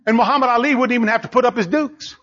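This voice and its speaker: A man preaching a sermon, driving his points home with repetition and bursts of shouting. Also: very high-pitched, rapid-fire. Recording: dull lo-fi recording.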